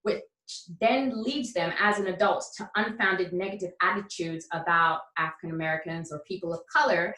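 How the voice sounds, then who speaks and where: A woman's voice: fairly low pitch, a bit bright, reverberant, poor audio. A woman giving a training workshop lecture, explaining ideas with frequent "um" fillers and rhetorical questions. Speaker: workshop presenter.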